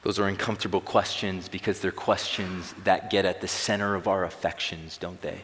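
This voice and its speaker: A man's voice: deep voice, flat delivery, moderate pace, a bit bright. A young man preaching a sermon to a large room, emphatic and building intensity on key phrases. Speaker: pastor. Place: large room with long reverb. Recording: echoey hall reverb.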